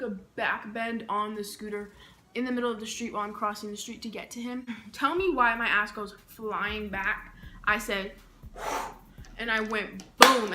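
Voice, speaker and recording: Bright-voiced young woman telling stories. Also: a little high, a little hiss or hum. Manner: animated, slangy, acts out quotes. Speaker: beauty vlogger. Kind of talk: casual storytelling while carving a pumpkin.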